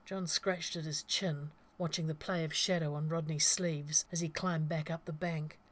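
A woman narrating a western fiction audiobook in an even, measured reading. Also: low-pitched. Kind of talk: scripted narration.

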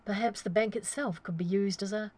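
A woman reading a wry, formal gentleman outlaw. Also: mid-range voice, steady tone, fairly quick, pitched above the performer's own voice, lightly acted.

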